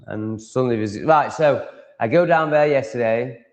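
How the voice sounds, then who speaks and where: A man's voice: medium pitch, normal speed, big-room sound. A man with a Yorkshire accent, chatting casually on a livestream, rambling and often cutting himself off mid-sentence. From Yorkshire, England. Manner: rambling, self-interrupting, chatty. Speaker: livestream host.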